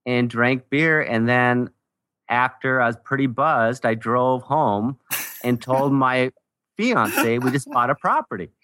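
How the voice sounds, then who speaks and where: A man in his forties, a podcast guest, telling a story about his early mistakes with animated, self-mocking humor. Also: mid-range voice, takes it slowly, noisy background. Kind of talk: casual storytelling.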